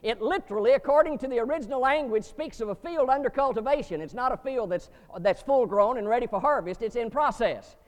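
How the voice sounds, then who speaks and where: High-voiced preacher in a reverberant hall. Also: male voice, lively intonation. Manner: emphatic preaching with rising bursts and slow stresses. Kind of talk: sermon.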